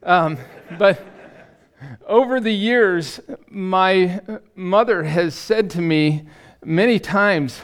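A middle-aged man preaching as a pastor in a church, halting and self-deprecating, with many fillers and restarts. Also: fairly high pitch. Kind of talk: sermon. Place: church sanctuary.

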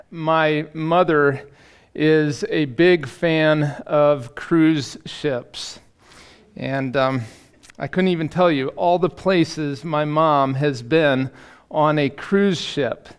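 A middle-aged man preaching as a pastor in a church, halting and self-deprecating, with many fillers and restarts. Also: on the high side, steady tone, smooth. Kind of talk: sermon. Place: church sanctuary.

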